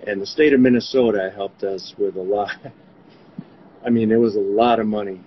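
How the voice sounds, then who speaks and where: Soft-spoken grieving man, muffled call audio. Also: steady tone, a little hiss or hum. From New York. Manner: halting, grief-stricken, voice drops low. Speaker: interviewee, bereaved father. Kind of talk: remote interview.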